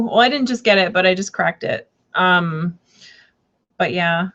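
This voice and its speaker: A woman's voice: on the low side, a little slow, fairly bright tone. A woman hosting a casual live tarot stream, rambling and chatty with lots of fillers and restarts. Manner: rambling, chatty, full of fillers and self-corrections. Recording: dull lo-fi stream audio.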